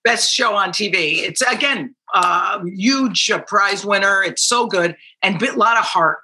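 A woman's voice: mid-range voice, unhurried, sharp tone. Brash American woman teasing. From United States. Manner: brash, teasing, foul-mouthed. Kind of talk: casual comedic chat.

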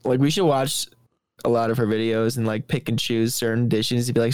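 A man's voice: mid-range voice, fairly even intonation, fairly quick, a little mellow, clean tone, no echo. A man co-hosting a podcast, rambling in casual banter with lots of fillers and swearing. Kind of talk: casual chat.

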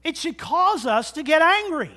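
A middle-aged male pastor preaching a sermon in a church, joking and swinging between loud bursts and quiet asides. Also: very high-pitched, big pitch swings, normal speed. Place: church sanctuary.

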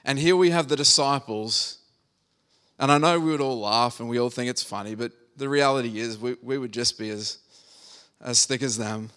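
A man's voice: mid-range voice, moderate pace, a bit bright, smooth. Male preacher, mid-range voice, conversational sermon with jokes. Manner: conversational, humorous storytelling with scripture reading.

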